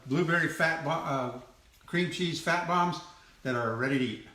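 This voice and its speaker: A man cooking on a live stream from a home kitchen, talking in a relaxed way and often restarting his words. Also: fairly high pitch, moderate pace, distant mic. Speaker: co-host preparing the recipe. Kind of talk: casual live cooking chat. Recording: echoey room, voice off-mic, noisy.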